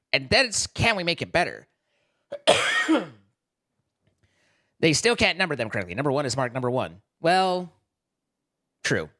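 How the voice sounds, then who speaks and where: A man's voice: on the high side, fairly bright tone. Rambling American man streamer. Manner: rambling, self-interrupting, joking with chat. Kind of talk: casual live-stream chat.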